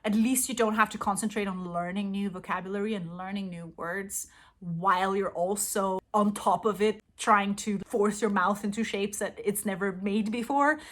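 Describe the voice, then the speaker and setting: A woman's voice: medium pitch, steady tone, normal speed, a bit bright. A young woman with an accent that mixes British and Canadian English, chatting casually as a language-learning vlogger and drifting off on tangents. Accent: mix of British and Canadian English. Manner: rambling, tangent-prone, chatty. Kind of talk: casual chat.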